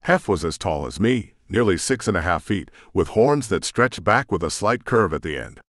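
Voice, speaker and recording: Male audiobook narrator, deep and expressive, dark brooding read, dry close mic. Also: moderate pace, no room sound. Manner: dramatic, brooding. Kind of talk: first-person audiobook narration.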